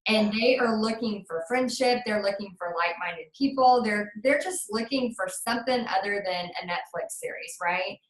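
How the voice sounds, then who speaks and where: A woman's voice: mid-range voice, moderate pace, hardly any pauses, echoey room. A woman hosting an interview, effusive and heartfelt as she shares her own experience. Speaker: podcast host. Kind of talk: conversational interview.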